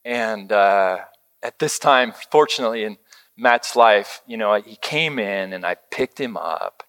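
Bright-voiced man preaching a sermon. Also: on the low side, expressive, measured pace. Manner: conversational storytelling, dropping to a hush for quoted comfort. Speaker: pastor.

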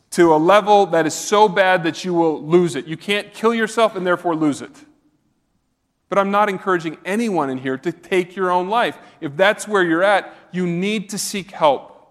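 Here a man with a fairly bright, slightly high voice delivers a sermon as a pastor. His tone is sincere and chatty, he addresses the congregation with pointed questions, and the hall echoes with long reverb.

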